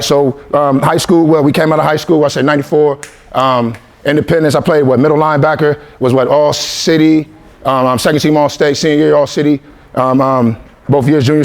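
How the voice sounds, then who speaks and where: A man in his forties from Columbus, Ohio, giving a motivational talk to young athletes, coaxing and repetitive with call-and-response lines. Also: fairly high pitch. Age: 40s. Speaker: motivational speaker.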